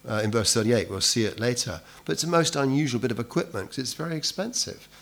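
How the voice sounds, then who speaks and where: A man walks his congregation through a Bible passage in a relaxed, conversational sermon. His pitch sits in an ordinary middle range, and he keeps turning to the listeners with rhetorical questions. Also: fast, creaky. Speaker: preacher. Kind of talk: expository sermon.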